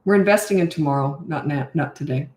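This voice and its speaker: A woman's voice: deep voice, fast, darkish tone, reverberant. Chatty older woman, parenting coach. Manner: casual, chatty, direct, many fillers. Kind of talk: live Q&A, reading and answering comments.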